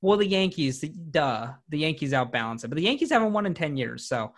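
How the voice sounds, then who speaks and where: A man's voice: on the high side, big pitch swings. Teasing young man co-hosting a sports podcast. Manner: teasing, rambling, quick jokes at his co-hosts. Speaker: podcast co-host. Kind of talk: casual sports chat.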